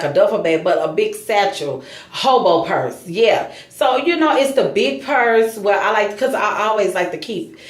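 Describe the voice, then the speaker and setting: A woman vlogger telling a true story to her viewers in a casual, animated, emphatic way. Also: medium pitch, reverberant.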